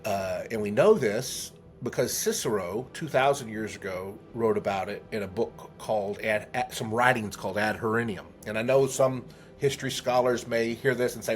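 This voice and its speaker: A man's voice: lowish voice, normal speed, soft background music. A man telling a heartfelt story as a podcast guest, earnest, with many restarts. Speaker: guest, memory trainer.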